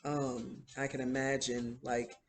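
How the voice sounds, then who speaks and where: A woman's voice: extremely low pitch, flat delivery, unhurried. A woman hosting a video who retells a series in a casual, rambling way, with many fillers. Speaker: video host. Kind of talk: casual show recap.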